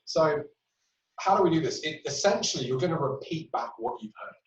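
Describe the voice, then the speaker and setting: With a slightly high, expressive voice and a fairly quick pace, a male clinical trainer walks webinar attendees through communication skills. Patient examples and frequent fillers run through his explanations, captured on a roomy, distant, dull webinar recording.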